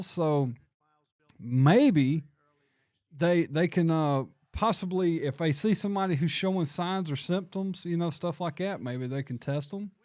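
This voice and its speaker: Guy hosting, kinda high voice, rambly chat, dead dry sound. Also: darkish tone, no room sound. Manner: rambling, frequent restarts and laughs. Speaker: show host. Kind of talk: casual livestream chat.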